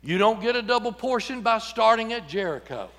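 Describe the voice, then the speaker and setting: A man's voice: high voice, lively intonation, a little fast, a bit bright, in a large hall. A man preaching a sermon in a church, folksy and joking, acting out voices when he quotes people. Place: church sanctuary.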